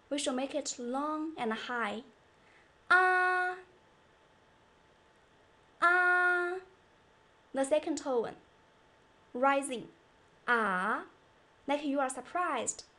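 A Chinese teacher with a high voice gives a scripted language lesson, speaking slowly and enunciating carefully as she demonstrates the tones.

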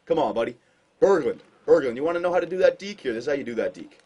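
Man, gameplay commentary, excitable, self-mocking, lively pitch, a little raised. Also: racing, husky. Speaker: gaming commentator.

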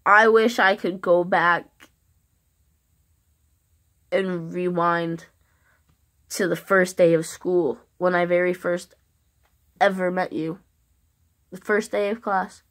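A woman speaking a heartfelt love message to camera, earnest and halting, with long pauses. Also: fairly low pitch, steady tone, fairly bright tone. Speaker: vlogger.

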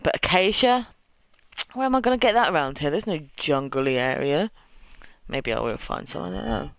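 A man's voice: high voice, expressive, normal speed, creaky, fairly bright tone, smooth, low-quality recording. Chatty British young man with a lisp. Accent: British English. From Britain. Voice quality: slight lisp. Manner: rambling, self-deprecating and chatty. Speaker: streamer. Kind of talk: casual live-stream chat while gaming.

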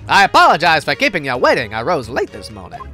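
A woman doing a deep, pompous gentleman detective. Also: wildly swooping pitch, quick pace, faint music behind, exaggerated voice. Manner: pompous, formal. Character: pompous, oblivious adult male British detective.

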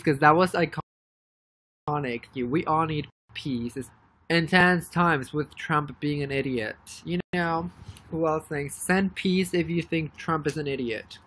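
A young woman chatting casually on a live stream, rambling and excitedly thanking viewers by name. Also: low-pitched, unhurried. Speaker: livestreamer.

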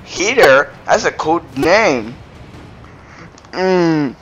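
A man's voice: a little high, very animated, very slow, music in the background. A man giving casual gameplay commentary, giggling and playing up mock anger with lots of rambling filler sounds. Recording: dull lo-fi mic with faint noise.

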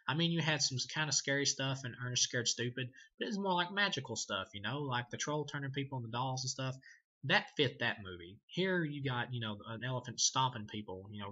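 A man's voice: mid-range voice, pushed and bright, husky, highs cut off. A man casually reviewing a movie, rambling, swearing and laughing often as he talks. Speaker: film reviewer.

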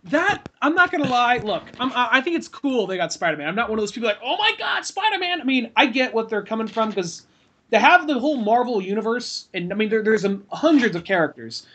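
A man's voice: sits high, lively intonation, quick pace, sharp tone, slightly rough. A man co-hosting a podcast in casual chat, giving meandering opinions. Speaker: podcast co-host.

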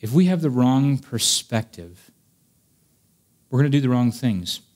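A man preaching a sermon as a pastor, earnest, swinging between emphatic raised passages and quiet storytelling. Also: mid-range voice, lively intonation, unhurried. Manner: earnest preaching, rising to emphatic peaks, dropping soft for stories.

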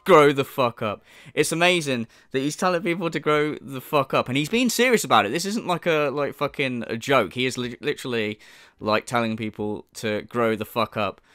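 A man's voice: mid-range voice, moderate pace, fairly bright tone, no room sound, studio quality. A man hosting a mocking commentary, sarcastic and sweary, often mimicking others in exaggerated voices. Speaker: commentary channel host.

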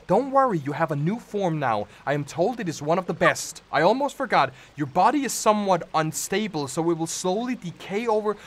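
A man voicing a gentle female fairy guide who speaks in a soft, formal, reassuring way. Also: high-pitched, lively intonation, brisk, hardly any pauses, voice pushed up.

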